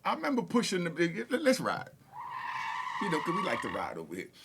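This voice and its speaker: A man's voice: a little high, wildly swooping pitch, a little fast, vocal fry, background noise. A man hosting a reaction video, telling rambling stories from his past with lots of "you know what I mean". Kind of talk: casual storytelling.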